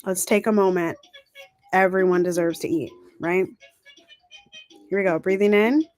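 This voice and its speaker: A woman's voice: medium pitch, steady tone, moderate pace, darkish tone, dry recording, faint music behind. A woman hosting a casual livestream, talking in a chatty, encouraging way, correcting herself as she goes, her throat dry. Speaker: livestream host.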